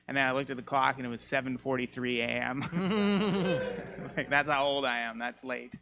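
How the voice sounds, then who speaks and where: A man doing a stand-up comedy set, telling self-mocking stories in a rambling way with sudden jumps up in pitch. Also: normal speed, vocal fry, pushed and bright, slight background noise. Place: comedy show, live audience.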